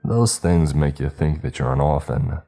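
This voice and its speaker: A man voicing a grumpy, sarcastic teenage boy with a British accent, in a curt, deadpan manner. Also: rumbling low, moderate pace, vocal fry, soft background music, exaggerated voice.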